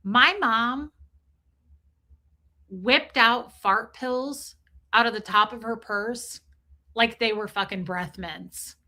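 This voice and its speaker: Bright, chatty young woman streamer. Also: fairly high pitch, takes it slowly, pauses often. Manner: chatty, animated, greets viewers mid-story. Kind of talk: casual livestream storytelling.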